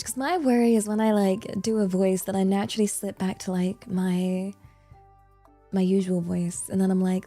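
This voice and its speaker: A woman's voice: mid-range voice, lively intonation, normal speed, pauses often, warm tone, faint music behind. A bubbly young woman VTuber chatting casually on a livestream, slipping in Japanese phrases. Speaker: VTuber streamer.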